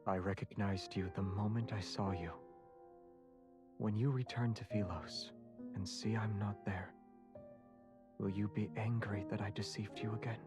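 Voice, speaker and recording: A man voicing a gentle, reserved young man in a game, speaking calmly and tenderly, sometimes in a whisper. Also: fairly low pitch, measured pace, pauses often, close to an everyday voice. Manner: soft, calm, tender, often whispered. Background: game music.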